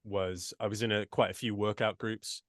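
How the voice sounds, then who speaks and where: A man's voice: lowish voice, steady tone, normal speed, dry recording, clean studio sound. A man from the United States who speaks with an English accent, a voice actor chatting casually in an interview with many restarts and asides. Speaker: voice actor guest.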